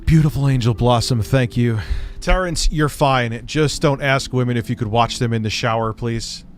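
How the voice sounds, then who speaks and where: A man's voice: mid-range voice, moderate pace, faint music behind. Crude, rambling male streamer. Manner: crude, profane, rambling jokes. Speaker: streamer host. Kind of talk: casual livestream reaction chat.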